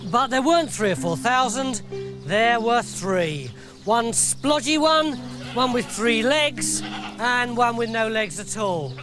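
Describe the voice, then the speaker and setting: A man's voice: very high voice, expressive, measured pace. A man telling a comic story in a playful, chatty way. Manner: playful and conversational. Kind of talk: comic scripted narration. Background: music.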